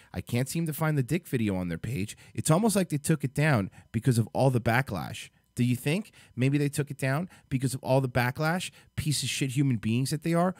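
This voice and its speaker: A man's voice: mid-range voice, a little fast, hardly any pauses, no echo. A man ranting furiously as a livestream host, swearing hard between stretches of muttered reading. His medium voice sounds close and dry, with no room sound at all. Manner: angry, profane ranting; reads web text aloud in a flat mutter. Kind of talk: reacting to videos on a live stream.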